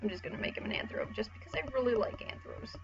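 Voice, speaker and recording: A woman casually explaining how to draw expressions, chatty and relaxed, with the odd swear. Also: medium pitch, fast, gravelly, dull audio. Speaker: art tutorial host. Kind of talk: casual drawing tutorial.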